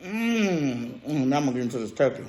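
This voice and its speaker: A woman's voice: rumbling low, fairly even intonation, very fast, warm tone. A woman hosting a casual eating vlog at home. She gushes over the food with lots of fillers and mm sounds. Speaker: mukbang vlogger. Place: at home, indoors. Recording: echoey room.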